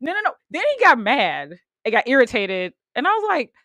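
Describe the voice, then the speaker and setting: A woman hosting a podcast in casual chat, telling stories in a matter-of-fact, animated way. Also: a little high, a little fast. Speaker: podcast host.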